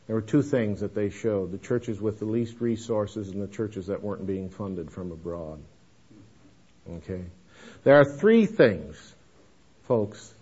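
A man's voice: fairly low pitch, mellow. A man giving an emphatic, folksy missions talk to an audience, calling them folks. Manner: emphatic, addresses listeners as folks. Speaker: missions speaker. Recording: dull lo-fi lecture recording.

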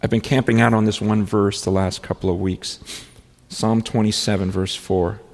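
A man preaching a sermon in an earnest, halting way, with many restarts, often rising into fervent, pleading prayer. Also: on the low side, little pitch movement, gravelly. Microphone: handheld or stand mic on stage. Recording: long hall reverb.

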